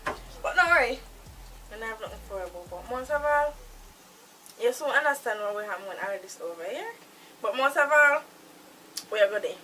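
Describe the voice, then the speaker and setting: A woman's voice: a little high, lively intonation, moderate pace, long pauses, bright, forceful tone, a little hiss or hum, poor audio. A woman playing a menacing Jamaican captor. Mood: cold, brooding. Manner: threatening, scolding, patois-laced. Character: menacing young woman holding a man captive. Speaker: actor in a film. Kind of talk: film dialogue.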